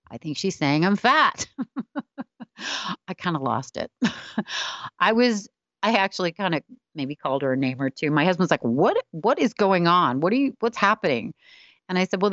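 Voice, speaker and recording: A woman's voice: fairly low pitch, dry recording, lo-fi sound. A middle-aged woman, a spiritual wellness teacher, telling a personal story candidly and often laughing at herself.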